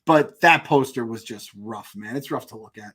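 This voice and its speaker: A man co-hosting a casual podcast, rambling and excitable, swearing often. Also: mid-range voice, moderate pace, slightly rough. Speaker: podcast co-host. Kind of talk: casual chat.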